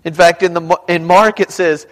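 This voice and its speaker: A male pastor preaching a sermon, talking conversationally, firing rhetorical questions at the congregation and rising at times to a shout. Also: high voice, fairly even intonation, moderate pace. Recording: reverberant hall.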